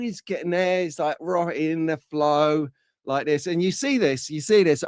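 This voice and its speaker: Man, live-stream host, jokey and rambling, clean smooth voice, dry close sound. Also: on the high side, moderate pace, dry recording. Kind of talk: casual live-stream chat with viewer shout-outs.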